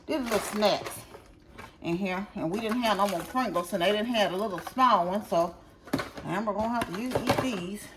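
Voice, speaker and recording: This woman speaks at a mid-range pitch and a moderate pace, on a distant mic, as she chats to her vlog viewers directly. She's at home putting away groceries, and the room echoes with background noise.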